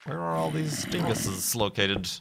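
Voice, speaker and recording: A man's voice: mid-range voice, animated, measured pace, vocal fry, very noisy. A man streaming a game and chatting casually, rambling from one thing to the next with self-mocking jokes. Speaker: gaming streamer. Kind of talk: casual chat while playing a game.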